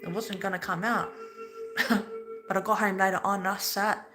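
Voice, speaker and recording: A woman's voice: mid-range voice, steady tone, normal speed, over music, poor audio. A woman giving an earnest, preachy spiritual talk in a casual way, swearing now and then. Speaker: spiritual vlogger.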